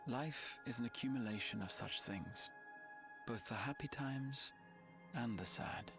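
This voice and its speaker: An actor playing a wise older mentor in a slow, sage old-man voice. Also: medium pitch, gravelly, music in the background.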